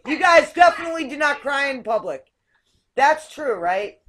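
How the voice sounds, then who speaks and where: A woman's voice: high-pitched, animated, normal speed, fairly bright tone. Chatty woman host asking questions. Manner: curious, asks many questions. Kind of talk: casual chat.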